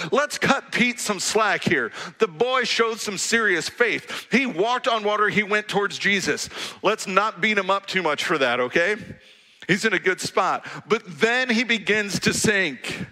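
A man preaching a sermon, telling stories with humor and lively animation. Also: high-pitched, in a large hall. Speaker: pastor.

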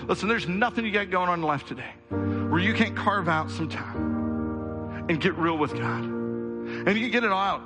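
A man's voice: high voice, moderate pace, pauses often, music in the background. A male pastor preaching a sermon, talking straight to his congregation and building to fervent, rhythmic peaks before easing back into a conversational tone. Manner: builds to fervent rhythmic crescendos, then quiets; direct, conversational address to the congregation.

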